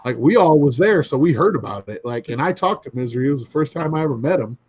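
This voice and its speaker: A man co-hosting a podcast, chatting casually and telling stories with lively acted-out quotes. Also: on the high side, fast talker, breathy edge, low-quality recording. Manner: animated storytelling, acts out quotes. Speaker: podcast co-host. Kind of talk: casual chat.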